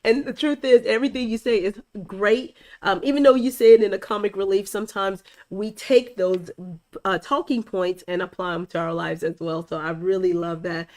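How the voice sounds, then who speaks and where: A woman's voice: mid-range voice, steady tone, normal speed, a little mellow. A middle-aged woman hosting a faith-based interview show over a video call, effusive and encouraging, closing with a blessing. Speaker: host. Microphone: streamed video call.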